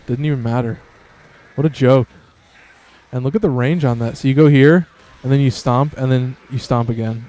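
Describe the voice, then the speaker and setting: A man's voice: medium pitch, fairly even intonation, normal speed, dark tone. A man giving casual, profane, self-amused commentary while playing a video game. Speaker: gaming streamer.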